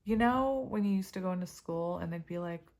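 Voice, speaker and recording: Excitable woman giving a tarot reading. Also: on the low side, a little fast. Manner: excitable, laughs often, talks straight to viewers. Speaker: tarot reader. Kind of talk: casual tarot reading to camera.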